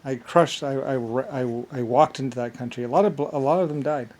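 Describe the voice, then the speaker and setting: This vlogger, a man with a medium-pitched, darkish voice, rambles on by himself. His delivery is halting: he stumbles, repeats words, and lets sentences trail off.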